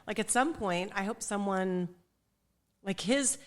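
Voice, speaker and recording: A woman's voice: medium pitch, unhurried. A middle-aged woman co-hosting a podcast, talking frankly and laughing easily in casual chat. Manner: chatty, laughs easily, candid. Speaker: podcast co-host.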